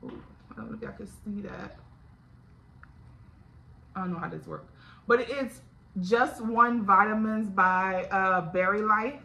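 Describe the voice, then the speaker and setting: A woman's voice: mid-range voice, unhurried, vocal fry, long pauses, sharp tone, low-quality recording. A woman with a Louisiana accent, chatting candidly and directly to her viewers in a casual video diary. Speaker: vlogger. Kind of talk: casual chat to camera.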